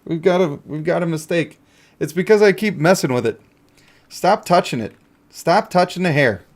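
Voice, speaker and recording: A male streamer chatting through a mobile game, joking and talking to himself and his viewers. His voice sits somewhat high for a man and stays relaxed and casual. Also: normal speed. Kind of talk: casual live-stream commentary.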